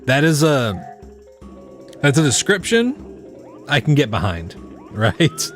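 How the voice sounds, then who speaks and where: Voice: medium pitch, wildly swooping pitch, slow, fairly bright tone, faint music behind. A streamer chatting loosely with viewers while playing a game, rambling and often breaking into long fits of laughter. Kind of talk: casual chat with live stream viewers while gaming.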